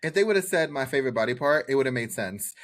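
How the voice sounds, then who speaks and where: A man co-hosting a podcast, chatting casually about a TV show in an animated, jokey way. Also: mid-range voice, fast. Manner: animated, jokey, does exaggerated voices for quoted people. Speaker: podcast co-host. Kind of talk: casual chat reviewing a TV show.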